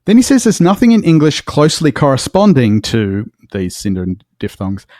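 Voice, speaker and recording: A man's voice: a little high, huge pitch swings, normal speed, darkish tone, no echo, clean studio sound. Man carefully explaining sounds on a podcast. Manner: careful, explains pronunciation step by step. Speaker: podcast co-host. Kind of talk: casual podcast discussion.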